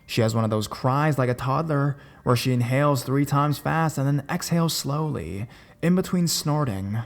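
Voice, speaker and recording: A man giving a scripted first-person horror story narration in a measured, deliberate way. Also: medium pitch.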